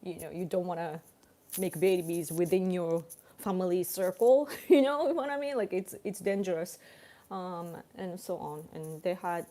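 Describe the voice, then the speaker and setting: Slow-talking Japanese woman chatting. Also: on the low side, mellow. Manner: chatty, many fillers and restarts, laughs often. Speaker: livestream host. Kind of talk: casual livestream chat.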